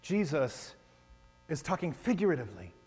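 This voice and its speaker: In a big church sanctuary, a pastor preaches with a sing-song lilt and a breathy edge, his voice sitting high for a man. His moderate-paced sermon alternates between forceful proclamations and quiet, intimate remarks. Long hall reverb, a faint electrical hum, and soft music in the background color the sound.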